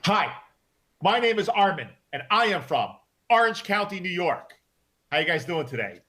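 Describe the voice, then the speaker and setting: A man playing a hyped infomercial pitchman with a salesy delivery, over a video call. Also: big pitch swings, normal speed, exaggerated voice. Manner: salesy, loud pitch, coughing.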